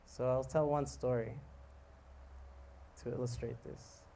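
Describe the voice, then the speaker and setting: A monk preaching who tells a lively story, acting out scenes and laughing. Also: male voice, mid-range voice, a little slow, creaky, a little hiss or hum. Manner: animated, laughing, acts out scenes. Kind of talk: storytelling sermon.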